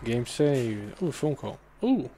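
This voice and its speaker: A man's voice: medium pitch, very animated, takes it slowly. Brief: man commentating a game, wry and muttering, casual swearing, faint game music behind. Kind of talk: let's-play commentary.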